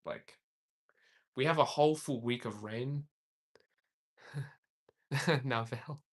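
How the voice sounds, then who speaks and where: A man's voice: mid-range voice, slow. A young man from Australia, casually chatting on a livestream, rambling and reading viewer comments aloud with frequent laughs. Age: young adult. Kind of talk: casual live-stream chat.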